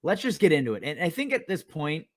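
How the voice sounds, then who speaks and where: A man's voice: on the high side, big pitch swings, fast talker. A man hosting a casual fantasy football talk show, upbeat and joking with his co-host. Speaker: podcast host.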